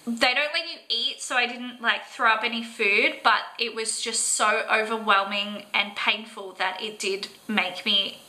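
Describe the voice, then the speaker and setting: A woman's voice: fairly high pitch, steady tone, measured pace, bright, forceful tone, low-quality recording. A young Australian woman vlogger telling a personal story to camera, earnest and emotional, full of "like" and "um".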